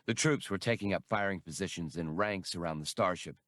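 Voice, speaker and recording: Low-voiced guy reading an audiobook, lively delivery, dry close sound. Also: dry recording. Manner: measured storytelling. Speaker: audiobook narrator. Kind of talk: scripted narration.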